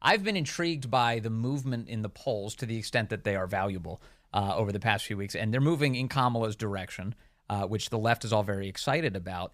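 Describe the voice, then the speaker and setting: A man's voice: mid-range voice, a bit bright. A man hosting a talk radio show, speaking emphatically and mocking opponents with quoted voices.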